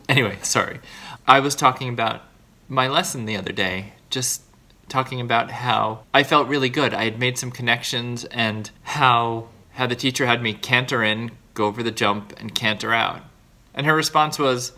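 A man's voice: mid-range voice, sharp tone. A man talking to the camera in a confessional video diary, earnest and self-deprecating, rambling through his thoughts with restarts. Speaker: vlogger.

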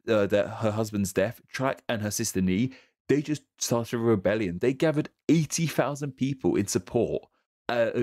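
A man co-hosting a history podcast, talking in a relaxed, chatty way with fillers and restarts. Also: fairly low pitch. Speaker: podcast co-host. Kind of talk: casual history podcast chat.

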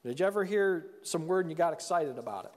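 A man's voice: fairly high pitch, lively intonation, fast talker, long reverb tail. A man preaching a sermon in a church, talking plainly and acting out quotes of the people in the story. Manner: conversational, plain-spoken preaching with acted-out quotes. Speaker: pastor. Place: church sanctuary.

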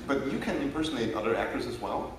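A man's voice: mid-range voice, quick pace, heavy background noise. A man interviewing a guest, asking brief questions that prompt him. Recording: echoey room, mic at a distance.

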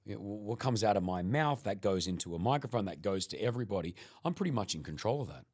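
This middle-aged Australian radio presenter, guesting on a podcast, has a lowish, slightly rough voice and talks fast. He tells animated anecdotes in a casual chat, acting out people's words.

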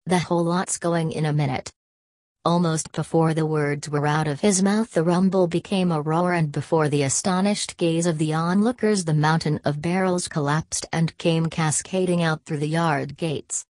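A woman narrating a children's storybook in a clear, measured way. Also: deep voice, fairly even intonation, a little mellow, dry recording. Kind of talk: storybook reading.

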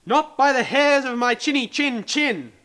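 A man's voice: very high voice, lively intonation, a little slow, bright, forceful tone, full character voice. A man playing a skeptical actor in a mockumentary, who questions everything in a doubtful way. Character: skeptical, grumbling male actor.

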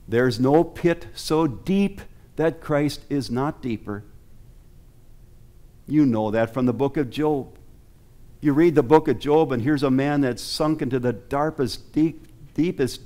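A man's voice: mid-range voice, a little mellow. Earnest male pastor preaching a sermon. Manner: earnest, asks the congregation rhetorical questions. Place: church sanctuary.

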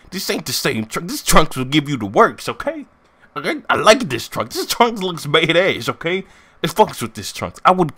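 A man giving excitable, profane, joking commentary on a game trailer from his room. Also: fairly high pitch. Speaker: gaming YouTuber. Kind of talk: casual gaming commentary. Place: home room, sitting at a desk chair.

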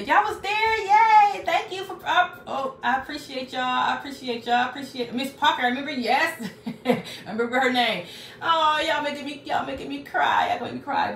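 A woman's voice: medium pitch, fairly bright tone. A woman hosting a casual crafting live stream from a small home craft room, chatting directly with her viewers and reading their comments aloud. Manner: chatty, talks straight to viewers, reads out comments. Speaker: crafting livestream host. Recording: roomy, distant mic with faint background noise.

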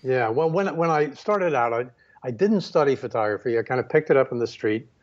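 A male photographer being interviewed, telling stories in an unhurried way with many fillers and restarts. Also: medium pitch, expressive, dull audio. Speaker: photographer guest. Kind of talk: reflective storytelling.

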